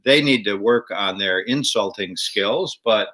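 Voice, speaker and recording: A man's voice: fairly low pitch, unhurried, pushed and bright. An older man co-hosting a casual comedy chat show, rambling and joking with many fillers and restarts. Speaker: co-host.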